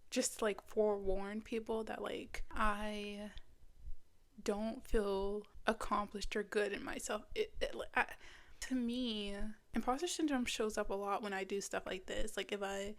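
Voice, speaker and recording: Teen girl vlogging, rambly and blunt, lots of restarts, mid pitch. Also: fairly even intonation, a little slow. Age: teens. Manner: rambling and candid, with frequent restarts and swearing; slips into a mocking whisper when quoting her inner critic. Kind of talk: casual sit-down talking video.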